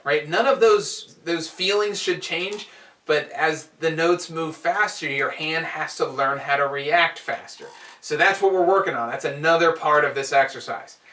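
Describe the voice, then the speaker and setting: Drum teacher in an echoey room. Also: male voice, a little high, a little slow. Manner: relaxed, counts aloud and demonstrates strokes. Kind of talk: instructional explanation. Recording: echoey room, heard from a distance.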